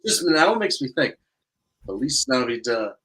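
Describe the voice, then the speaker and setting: A man's voice: mid-range voice, big pitch swings, moderate pace, a bit bright, poor audio. A man from Boston, a musician being interviewed on a podcast, easygoing and agreeable, mostly giving short replies. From Boston, New England. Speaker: musician guest. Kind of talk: casual chat interview.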